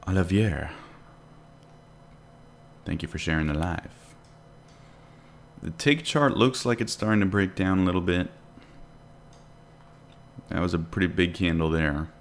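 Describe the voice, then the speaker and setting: A man's voice: deep voice, unhurried, pauses often, slight background noise. A man hosting a live day trading stream, chatting casually and answering viewer questions while he watches the charts. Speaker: day trading livestream host.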